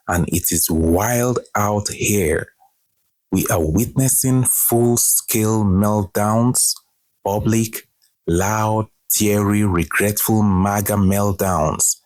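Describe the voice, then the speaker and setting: A man hosting scripted commentary with a dramatic, deliberate delivery. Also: fairly low pitch, no room sound. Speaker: commentary host.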